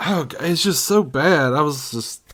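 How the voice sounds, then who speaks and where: A man's voice: on the high side, normal speed. A man co-hosting a podcast, chatting about a film in a playful, mocking way and laughing often. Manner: animated, laughs a lot, mocks delivery. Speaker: podcast co-host. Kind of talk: casual film review chat.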